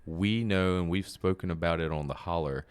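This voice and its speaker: A man's voice: low voice, a little fast, smooth. A man from North Carolina co-hosting a casual political podcast, making his points steadily and checking in with "right?". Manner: steady, builds points with "right?" and "you know". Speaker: podcast co-host.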